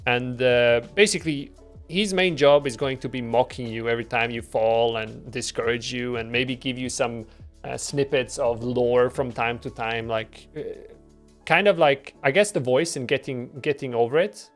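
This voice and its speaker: A man's voice: mid-range voice, moderate pace. Man, mid-range voice, easygoing indie dev streaming, rambles with fillers; faint music underneath. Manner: rambling, filler-heavy, self-deprecating. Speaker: indie game developer streaming. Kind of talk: casual devlog stream talk.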